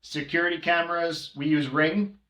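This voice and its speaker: A man's voice: on the high side, flat delivery, normal speed, bright, forceful tone. A man co-hosting a podcast, talking casually with many filler ums as he runs through tools and prices. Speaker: co-host, short-term rental manager. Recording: roomy echo.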